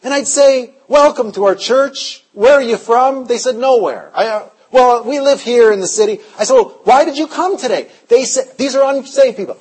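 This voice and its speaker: A man preaching a sermon as pastor, telling stories, sometimes shouting and sometimes dropping to a hush. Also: very high-pitched, moderate pace, hardly any pauses, breathy edge, low-quality recording. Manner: storytelling, shifts from shouting to hushed.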